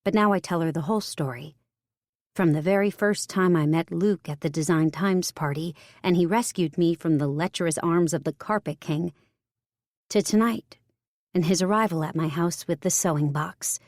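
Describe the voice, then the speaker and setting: A woman's voice: on the low side, normal speed, darkish tone, dry recording, studio quality. A woman narrating a first-person romance audiobook in an intimate, confiding manner.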